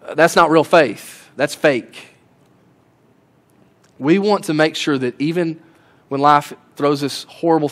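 Man preaching conversationally. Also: fairly high pitch. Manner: conversational preaching, rising to impassioned pleading. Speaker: pastor. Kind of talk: sermon. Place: church sanctuary.

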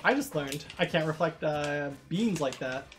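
A man's voice: on the high side, animated, normal speed. A young man playing a game with a friend on stream, laughing often in easygoing banter. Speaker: co-player on stream. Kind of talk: casual gaming stream chat. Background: game music.

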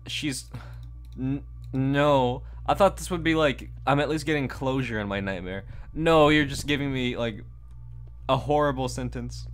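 A man giving casual, jokey let's-play commentary on a horror game, reacting quickly with nervous laughter. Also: medium pitch. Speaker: gamer playing a horror game.

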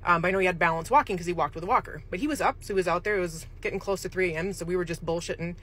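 A woman's voice: lowish voice, rapid-fire, fairly bright tone. A woman casually telling a creepy true story, chatty and rambling, with laughs mid-sentence. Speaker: storyteller host.

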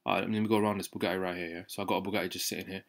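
A young man giving excited, slangy commentary on his gameplay, talking straight to his viewers as a regular YouTube host. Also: sits low, racing, vocal fry. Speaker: gaming YouTuber.

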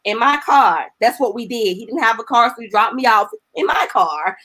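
A woman's voice: a little high, lively intonation, normal speed, fairly bright tone. A woman evangelist, a guest on the show, telling her personal testimony in an earnest, emotional, colloquial storytelling way.

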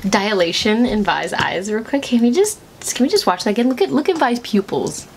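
A woman with a high, bright voice reacting to a show in a casual, gushing way. She gets excitable and tips into squeals. A faint hiss sits behind her. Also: a little fast. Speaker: reaction video host.

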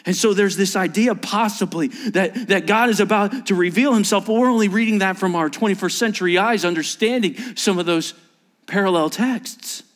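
A man's voice: sits high, moderate pace, a bit bright. A man preaching a sermon in church, dramatically acting out the voices of the people in his story. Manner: dramatic, acts out quoted disciples with shifting voices. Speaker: pastor.

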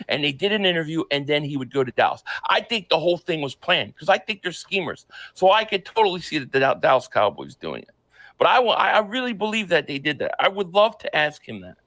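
A man's voice: fairly high pitch, a bit bright, no echo. A man co-hosting a podcast in casual chat, emphatic and prone to repeating himself.

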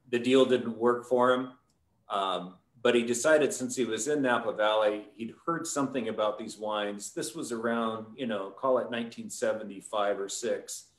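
A man, a winemaker, telling a long story in a relaxed, rambling way on a live stream, with many fillers. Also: on the low side, roomy sound.

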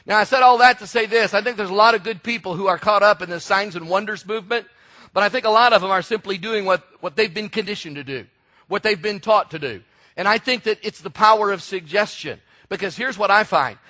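A man preaching a sermon, telling stories with animated delivery and sudden shouted emphasis. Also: high voice. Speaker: pastor.

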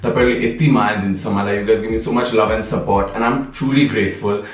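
A man's voice: lowish voice, steady tone, a little slow. Young man with an Indian accent, effeminate, passionate vlog rant, mic at a distance in an echoey room. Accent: Indian-accented English. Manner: effeminate, impassioned and emphatic. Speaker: vlogger. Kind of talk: get-ready-with-me vlog rant.

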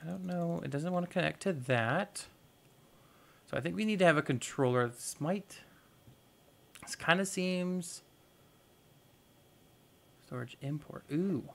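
A man's voice: a little high, slow pace, gravelly, pauses often, a little hiss or hum. A man hosting a gaming video, giving casual let's-play commentary and thinking aloud with playful, goofy exclamations.

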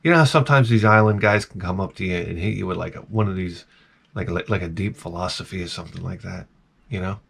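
A man's voice: low-pitched, fast talker, gravelly, fairly bright tone, slightly rough. A man vlogging in a casual, rambling monologue, telling wry stories full of "like"s and restarts. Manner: meandering, wry storytelling with many "like"s.

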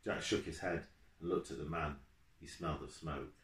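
A man reads his own children's book aloud in a steady, measured way. His voice sits low and deep. The sound rings in an echoey room at home, caught on a home video camera. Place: room at home, with his dog beside him.

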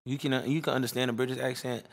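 A man's voice: medium pitch, flat delivery, fast talker, creaky. A young man from Chicago, a DJ, chatting casually in an interview, joking, profane and rambling. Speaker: DJ guest.

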